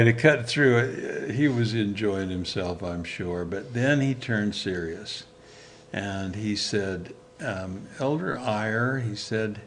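An older man telling a personal story as an interview guest, animated and chuckling, acting out the dialogue he remembers. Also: on the low side, a little hiss or hum.

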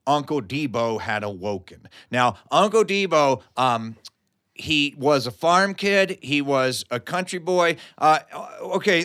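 A man's voice: a little high, fairly bright tone. A man from West Virginia telling a humorous tall tale live, with comic asides and chuckles. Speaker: storyteller. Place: studio, live audience.

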